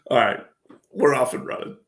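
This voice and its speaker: Ranting male podcast co-host, roomy sound. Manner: ranting, animated storytelling. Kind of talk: casual podcast banter. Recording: roomy echo.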